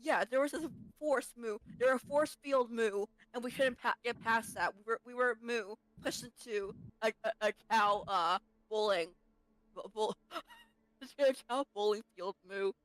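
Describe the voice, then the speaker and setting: A woman voicing a lost, confused druid who has been turned into a cow, speaking slowly and mooing between her phrases. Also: a little high, a bit bright, low-quality recording. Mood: lost, pleading. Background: tavern music.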